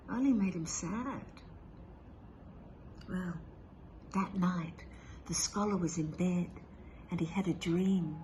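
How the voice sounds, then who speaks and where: A woman storyteller telling a tale during a religious service in a gentle, expressive way. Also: mid-range voice, slight background noise.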